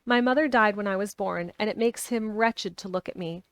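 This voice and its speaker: A woman's voice: medium pitch, normal speed, clean tone, no room sound, lightly acted. A woman reading aloud, voicing a sickly, fretful young boy who is bedridden and gloomy, in a complaining tone.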